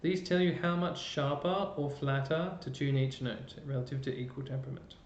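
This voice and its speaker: A man's voice: medium pitch, moderate pace. Male music teacher, explanatory, thinks aloud, roomy dull lo-fi recording. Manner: explanatory, thinking aloud while working a computer. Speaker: chorus music educator. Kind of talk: online music lesson. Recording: roomy, dull lo-fi sound with faint noise.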